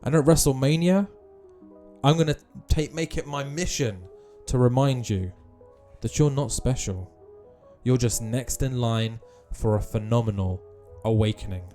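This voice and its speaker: A man's voice: mid-range voice, unhurried, dark tone, faint music behind, close to an everyday voice. A man voicing a smug veteran male wrestler who talks in a smirking, mocking way.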